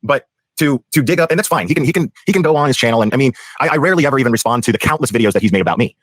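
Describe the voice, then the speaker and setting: Fast-talking, scornful husky man. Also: medium pitch, animated, fairly bright tone, no room sound. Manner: scornful, rapid-fire. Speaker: rival content creator. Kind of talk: critical commentary.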